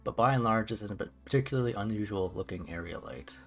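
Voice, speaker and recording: A man's voice: fairly low pitch, fast talker, fairly bright tone, faint music behind. A man narrating a game playthrough in a joking, storytelling way. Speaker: game streamer.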